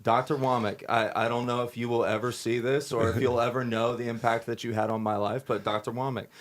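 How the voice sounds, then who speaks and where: A man in the middle of his range tells stories as a podcast guest. He is animated and acts out the dialogue he quotes. His delivery is casual and full of restarts. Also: mid-range voice, fairly quick. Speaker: musician guest. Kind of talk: casual interview storytelling.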